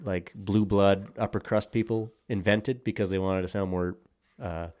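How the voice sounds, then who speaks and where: Young dude on a podcast, kinda low voice, rambly crude jokes, laughs a lot. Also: male voice, fairly even intonation, moderate pace, a little mellow. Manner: rambling, joking, frequent laughs and fillers. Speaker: podcast co-host. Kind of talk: casual crude banter.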